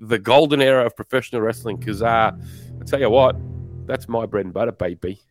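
A man's voice: medium pitch, brisk, faint music behind. A man co-hosting a podcast, bantering in a laid-back way, heavy on slang. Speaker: podcast co-host. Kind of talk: casual chat.

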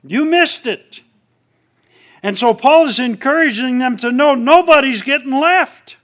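Guy teaching bible class, kinda high voice, goes loud then hushed, reads verses out slow. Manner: swings between emphatic and hushed; reads scripture aloud slowly.

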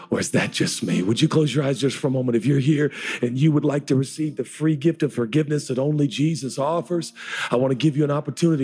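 A man's voice: on the high side, darkish tone. A man in his forties preaching a live sermon to a congregation in an auditorium, with an impassioned, repetitive cadence that builds into an altar call. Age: 40s. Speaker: pastor.

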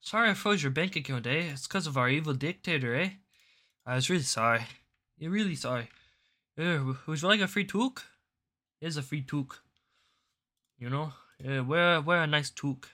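A man's voice: on the high side, moderate pace, pauses often, pushed and bright. A man voicing a mocking, overly apologetic banker with a put-on Canadian accent and broken mock-polite speech.

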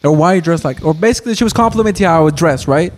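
Young male podcast co-host, slightly high voice, loose rambling storyteller from Texas. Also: animated, rapid-fire, a little mellow, a little hiss or hum. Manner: rambling storyteller, many restarts and "dude". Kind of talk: casual chat.

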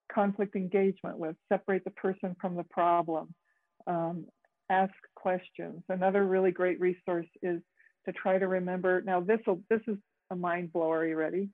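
A woman leads a group session over a video call, explaining ideas in a halting way with many fillers and restarts. The audio is tinny and phone-like, with no room sound at all. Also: lowish voice, steady tone, dry recording. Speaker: group facilitator and therapist.

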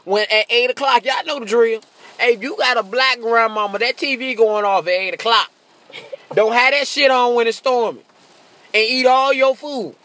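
A brash man riffing through a stand-up bit, cursing freely and laughing at his own jokes. His voice sits high and comes out bright and sharp. Now and then he jumps into a shrill mocking voice. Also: normal speed, no room sound. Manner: profane, brash, laughs often. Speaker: comedian. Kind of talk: stand-up monologue.

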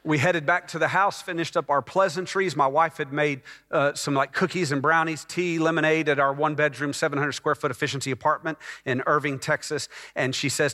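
A man preaching a personal testimony as a sermon, telling his story with hushed moments that build to loud, emphatic passages. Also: on the high side, steady tone, fairly quick. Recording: long hall reverb.

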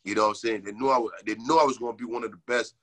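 A young man from Liberia telling his life story in a casual interview, animated and often asking "you know what I'm saying". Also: mid-range voice, very fast.

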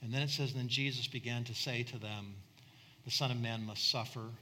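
Animated, bright-voiced male preacher. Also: medium pitch, moderate pace, slight background noise. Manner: animated, acts out quoted voices. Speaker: pastor. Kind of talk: sermon.

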